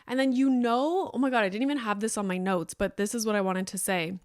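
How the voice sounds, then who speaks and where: A woman's voice: medium pitch, fast talker, a little mellow, dry recording, studio quality. A woman in her thirties hosting a podcast, telling a rambling personal story in casual chat with lots of "like". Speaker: podcast host.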